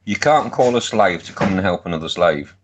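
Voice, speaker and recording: A man's voice: low-pitched, lively intonation, brisk. A man on a panel call, teasing with dry humour. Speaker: panel guest. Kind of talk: joking panel banter. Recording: muffled noisy call line.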